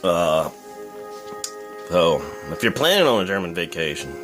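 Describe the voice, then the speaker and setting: Low-voiced guy ranting. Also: very animated, a little slow, over music. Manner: profane, blunt, rambling with fillers. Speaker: vlogger. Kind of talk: casual ranting monologue.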